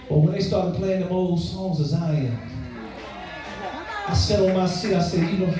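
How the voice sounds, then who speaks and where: A pastor with a high voice preaches a sermon at a moderate pace, telling his own story with fervent call-and-response. He's recorded from far off in an echoey church sanctuary, with music and a crowd in the background.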